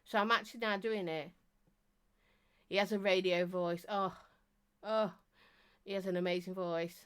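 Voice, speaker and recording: A woman's voice: on the low side, fairly even intonation, normal speed, a bit bright, smooth. Middle-aged woman, live-stream chatter, teasing, non-stop talker. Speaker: vape reviewer and live streamer. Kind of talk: casual live-stream chat reading viewer comments.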